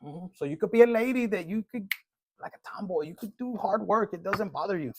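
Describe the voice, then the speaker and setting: Reading tarot for a collective audience, this man is casual, blunt and foul-mouthed, cracking jokes and sprinkling in Spanish slang. He reads the card messages out slowly in a high voice, with background noise in the recording.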